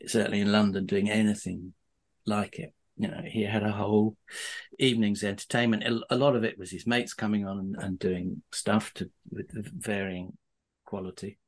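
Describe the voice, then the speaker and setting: A middle-aged man, guesting on a podcast, tells casual anecdotes in a rambling way, with many restarts and chuckles. His voice is on the low side.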